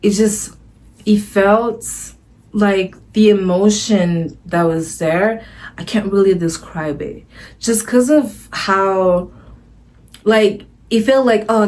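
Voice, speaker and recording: A woman talks straight to the camera in a relaxed storytime vlog. She gushes and rambles, circling back and restarting her sentences as she goes. Her pitch sits in the middle range. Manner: gushing and rambling, often restarting phrases. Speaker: vlogger.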